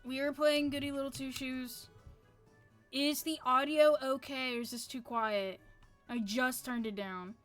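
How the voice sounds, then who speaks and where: A woman's voice: high-pitched, steady tone, a little slow, faint music behind. A woman streaming a game, chatting casually with a loose, profane, self-mocking manner. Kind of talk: casual live-stream chat.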